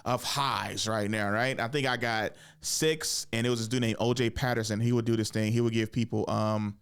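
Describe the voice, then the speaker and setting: A man's voice: on the low side, moderate pace, gravelly, clean tone. A young man hosting a casual podcast, telling a story with lots of swearing and jumping into voices. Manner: animated storyteller, swears a lot, acts out voices. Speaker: podcast host and stand-up comedian.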